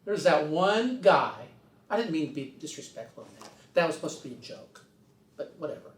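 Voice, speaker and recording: A man's voice: fairly high pitch, sing-song, a little fast. An older man telling a rambling, casual story, slipping into other people's voices as he goes. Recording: roomy sound, distant from the mic.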